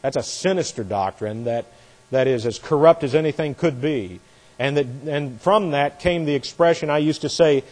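A man teaching a Bible class as a sermon, forceful and scornful of doctrine he calls false. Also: fairly high pitch, moderate pace, big-room sound.

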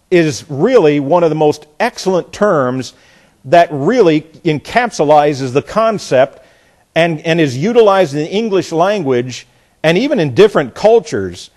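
A middle-aged man teaching a Bible passage verse by verse, deliberate and emphatic, often repeating words as he works through a thought. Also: fairly high pitch, a little mellow.

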